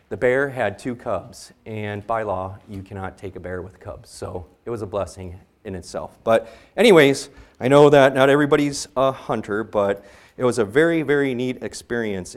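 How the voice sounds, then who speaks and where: A man speaking at a church gathering, telling a story in a rambling way with many fillers and excited rises before turning to scripture. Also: medium pitch.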